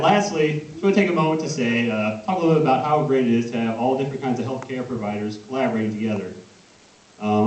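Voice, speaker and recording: A man's voice: mid-range voice, a little mellow. A man doing a stand-up routine, telling stories and puns and laughing at his own jokes. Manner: punny storytelling with self-deprecating laughs. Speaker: stand-up comedian, pharmacy student. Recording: roomy hall, distant mic, hiss.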